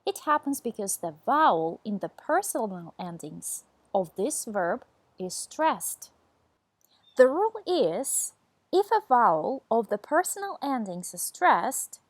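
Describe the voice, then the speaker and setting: Woman, language teacher, scripted lesson read slowly, fairly high and expressive, dry studio sound. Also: dry recording. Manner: deliberate, enunciating each word for learners.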